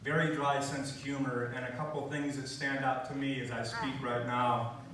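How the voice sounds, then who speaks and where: A middle-aged man speaking at a memorial gathering, reminiscing with frequent pauses and fillers. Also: medium pitch, flat delivery, a bit bright, a little hiss or hum. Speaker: eulogy speaker. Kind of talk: memorial speech. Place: large room at a gathering. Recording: distant mic in echoey room.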